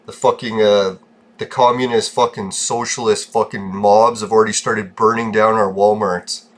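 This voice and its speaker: A man's voice: fairly low pitch, fairly even intonation, moderate pace. A man giving casual gameplay commentary, ranting and swearing often, in a short-tempered, irritable way. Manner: profane, ranting, easily irritated. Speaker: gaming vlogger.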